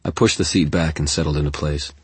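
A man narrating an audiobook in the first person, measured and deadpan. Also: rumbling low, husky, no echo.

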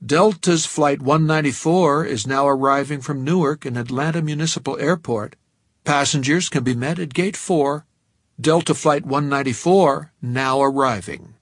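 A man voicing an airport loudspeaker announcer who calls out arrivals in a loud, formal tone in a storybook reading. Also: on the high side, normal speed, dry recording, close to an everyday voice. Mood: announcing.

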